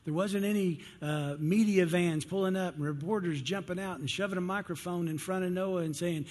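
A male pastor delivers a sermon to a church congregation, telling a story and playing its characters himself. His voice sits a little high and slightly husky. It rings out in a reverberant church hall. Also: brisk, hardly any pauses, darkish tone.

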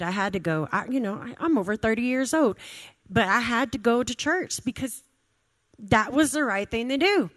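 A woman's voice: mid-range voice, fairly bright tone. A woman in her thirties giving an informal sermon, conversational, repeating phrases for emphasis. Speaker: church speaker.

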